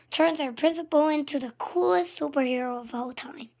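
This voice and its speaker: Woman narrating a children's book read-aloud; expressive, often hushed, high voice with a gravelly edge. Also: fairly quick, few pauses. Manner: expressive, shifting between loud and hushed. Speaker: storybook reader.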